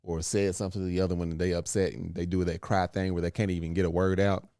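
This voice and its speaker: A man's voice: deep voice, level tone, fast, mellow, dry recording, studio quality. A man co-hosting a podcast, talking in an easygoing, rambling way with many restarts. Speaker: podcast co-host. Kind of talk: casual chat.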